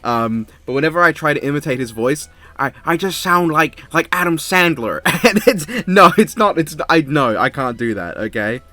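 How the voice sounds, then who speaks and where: A young man talking casually and rambling into a desk microphone, often self-deprecating and quick to swear. His voice is bright and lively in pitch, and the sound is dry and close with faint music behind. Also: dry recording. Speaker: video reviewer reading fan comments. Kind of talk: casual chat.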